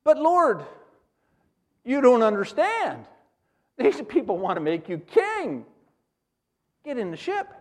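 Brief: man voicing an eager ambitious disciple, high-pitched, excited and pleading. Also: heavily acted.

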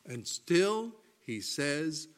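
A man preaching a sermon, deliberate and emphatic, reading scripture aloud. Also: a little high, very animated.

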